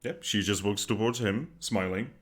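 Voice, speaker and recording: A man playing in a tabletop game, talking in a casual, expressive way. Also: on the low side, normal speed. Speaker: player.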